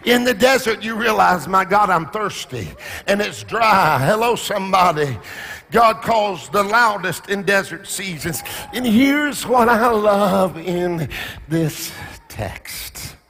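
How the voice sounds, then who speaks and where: Male pastor, high bright gravelly voice, fiery call-and-response sermon in a reverberant church hall. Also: expressive, slow. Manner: impassioned, call-and-response preaching with shouts and sung phrases.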